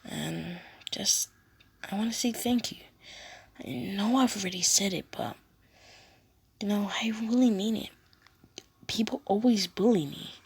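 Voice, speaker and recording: A woman voicing a shy, bullied teenage girl who speaks softly and earnestly. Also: medium pitch, lively intonation, a little slow, vocal fry, pauses often, husky, dry recording, pitched above the performer's own voice, heavily acted. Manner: soft, earnest.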